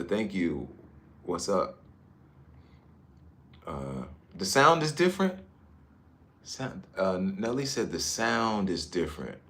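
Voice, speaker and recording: Laid-back deep-voiced man chatting on a livestream. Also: fairly bright tone, slight background noise. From Newark, New Jersey. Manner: laid-back, chatty, drifts between comments. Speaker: livestream vlogger. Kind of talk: casual livestream chat reading viewer comments. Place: high-rise hotel room. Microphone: phone.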